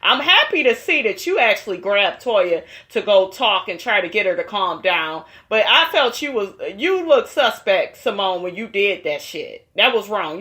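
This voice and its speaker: A woman's voice: medium pitch, a bit bright. A woman giving a sassy, profane gossip recap of a reality show in a casual, slangy way.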